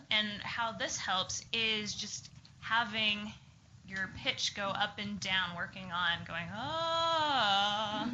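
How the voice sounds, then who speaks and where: Woman, speech therapist, leading group exercises, encouraging, very bright voice, muffled recording. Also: medium pitch. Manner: encouraging, step-by-step instructions. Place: group therapy session room. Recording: muffled lo-fi with faint noise.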